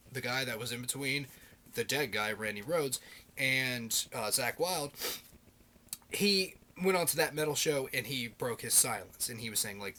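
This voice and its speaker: A married man vlogging about his favorite metal albums, swearing constantly in an animated, ranting way. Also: mid-range voice. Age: adult, married. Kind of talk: casual rant.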